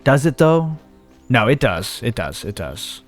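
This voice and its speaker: A man's voice: medium pitch, very animated, measured pace, soft background music. A young man giving casual let's-play commentary, thinking aloud and talking himself in and out of ideas as he goes. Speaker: gaming video host.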